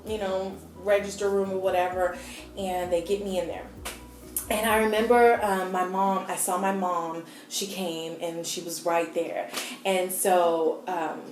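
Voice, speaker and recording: A young adult woman vlogging, telling a personal story in a chatty, animated way and acting out what people said. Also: medium pitch. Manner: chatty, animated, acts out quotes. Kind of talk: casual storytelling. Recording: echoey room.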